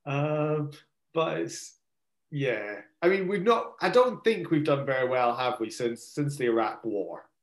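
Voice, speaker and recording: A man co-hosting a casual chat, with a voice a little higher than most men's. He talks in a dry, understated, teasing way, and his voice rings in an echoey room. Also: expressive, a little slow. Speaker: podcast co-host.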